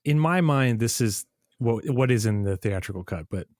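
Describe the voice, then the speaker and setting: A man's voice: medium pitch, lively intonation, normal speed, darkish tone, dry recording, studio quality. Easygoing man as podcast guest. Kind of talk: casual podcast chat.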